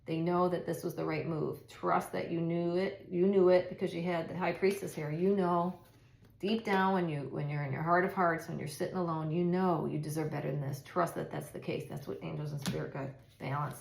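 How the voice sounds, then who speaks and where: A woman's voice: lowish voice, steady tone, a little fast, creaky. A middle-aged woman doing a casual tarot reading, chatty and reassuring, thinking aloud with frequent restarts. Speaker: tarot reader. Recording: echoey room.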